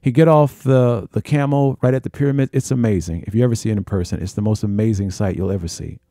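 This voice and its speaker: A man hosting a podcast, telling a travel story in an animated way and acting out the dialogue. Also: fairly low pitch, quick pace, no echo, studio quality. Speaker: podcast host. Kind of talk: storytelling monologue.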